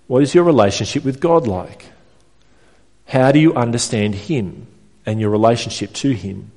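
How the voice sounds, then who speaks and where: A man's voice: medium pitch, a little mellow. Earnest male pastor preaching in a church hall. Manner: earnest, asks the congregation rhetorical questions. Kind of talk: sermon.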